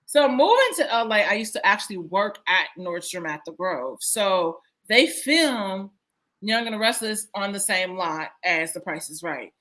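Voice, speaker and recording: A woman's voice: medium pitch, expressive, a little slow, fairly bright tone. A young woman as a podcast guest, talking casually and filling her speech with "like". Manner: chatty, frequent "like" fillers. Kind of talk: casual chat.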